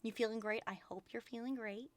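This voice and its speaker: Brief: woman streamer, fairly high voice, excitable rambling chat, dry close mic. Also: a little fast, no echo. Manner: excitable, rambling, frequent swearing. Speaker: VTuber streamer. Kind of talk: casual livestream chat.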